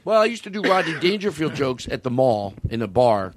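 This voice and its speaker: A man's voice: mid-range voice, very animated, fairly quick, dry recording. A middle-aged man hosting a comedy podcast in a playful, goofy manner, swearing freely. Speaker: podcast host. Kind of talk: casual comedic chat.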